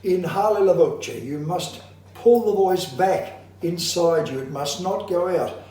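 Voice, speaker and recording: A man teaching a singing lesson as a voice coach, explaining in a measured, instructive way and slowing down to stress key points. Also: high voice, dark tone. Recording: very echoey room, voice from a distance.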